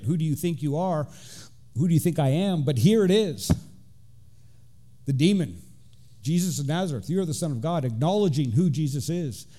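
Mellow-voiced deacon giving a casual sermon. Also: male voice, a little high. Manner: conversational, with frequent fillers and restarts. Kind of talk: informal sermon with scripture reading.

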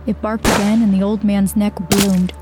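A woman reading a horror story aloud as narrator, in a steady, measured way. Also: mid-range voice, loud music behind the voice.

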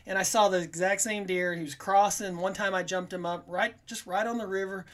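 A man telling a long hunting story on a casual podcast, rambling and animated, acting out what people said. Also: high-pitched, brisk, few pauses. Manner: rambling, animated, quotes himself in little voices.

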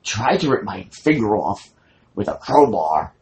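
A man voicing a scheming old woman con artist who speaks in a shrill, pushy, theatrical way. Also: sing-song, a little slow, darkish tone, poor audio. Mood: indignant.

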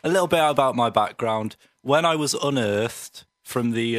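A man's voice: mid-range voice, normal speed, few pauses, dry recording, studio quality. A man co-hosting a comedy radio show, telling absurd stories and giggling as he goes. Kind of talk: comic banter.

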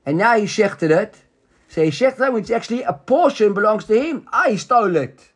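Guy teaching talmud, kinda high voice, lively, acts out the rabbis, asks his student questions. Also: moderate pace, slightly rough. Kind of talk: explaining a text in a study class.

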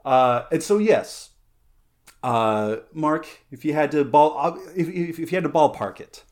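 A man's voice: on the high side, lively intonation, a little slow, a little mellow. A man hosting a casual podcast chat, playful and rambling, with lots of fillers, self-corrections and side tangents. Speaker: podcast host.

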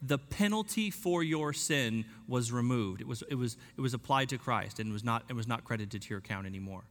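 A man preaching a sermon in an earnest, emphatic way, slowing down and dropping quiet on key points. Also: medium pitch. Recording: long hall reverb.

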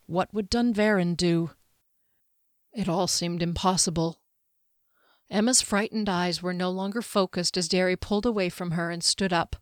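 A woman author reading her own fantasy novel aloud in a steady, clear storytelling voice. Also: fairly low pitch, moderate pace, no room sound, studio quality. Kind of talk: audiobook fantasy narration.

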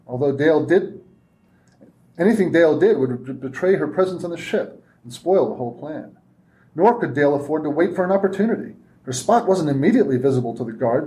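A man reads his own fiction aloud in a steady, measured way at a convention reading. His voice sits slightly high for a man.

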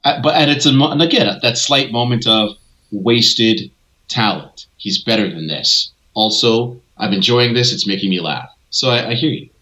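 A man co-hosting a casual movie review podcast, animated and mocking, laughing often as he talks. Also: medium pitch, moderate pace, poor audio. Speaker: podcast co-host.

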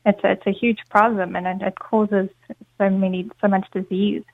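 A woman's voice: mid-range voice, level tone, normal speed, no room sound. A woman calling in to a radio show, speaking hesitantly and agreeing with the host. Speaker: caller. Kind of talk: phone-in radio call. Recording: tinny phone line.

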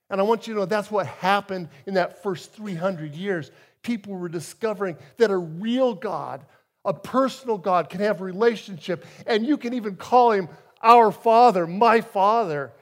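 A man preaching as a guest speaker, his voice sitting fairly high for a man. He tells stories from the pulpit, dropping soft and then rising loud for emphasis. He sounds middle-aged. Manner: storytelling, emphatic swings in loudness. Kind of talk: sermon.

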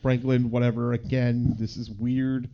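A man's voice: mid-range voice, a little slow, highs cut off. A man co-hosting a podcast, casually joking as he recaps a movie. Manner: joking, animated retelling. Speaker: podcast co-host.

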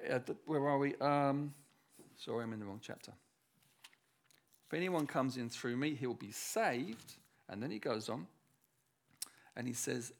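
Male pastor, high-pitched, conversational sermon delivery with emphatic repetition. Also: fairly bright tone.

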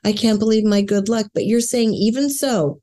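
Mellow-voiced woman hosting an interview. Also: mid-range voice. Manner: measured, affirming, asks thoughtful questions. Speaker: interview host. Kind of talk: conversational interview.

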